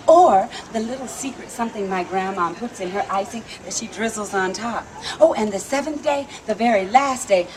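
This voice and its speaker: A woman storyteller giving an animated, playful live performance at an outdoor theme park stage. She leads the audience in call-and-response and laughs often. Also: on the high side, slight background noise.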